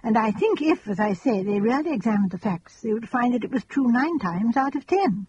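A woman reading an audiobook, voicing a gentle, fussy elderly spinster who talks in a chatty, earnest, rambling, old-fashioned way. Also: on the high side, expressive, brisk, lo-fi sound, slight background noise, close to an everyday voice.

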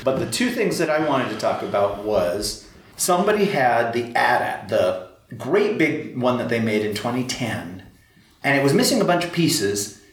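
A man in casual chat who tells stories in an animated way, stammering and restarting his sentences often. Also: mid-range voice, moderate pace. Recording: echoey room, faint background noise.

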